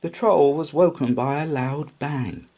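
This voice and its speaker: A man reading a children's storybook aloud with slow, expressive narration. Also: on the high side. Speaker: storybook reader.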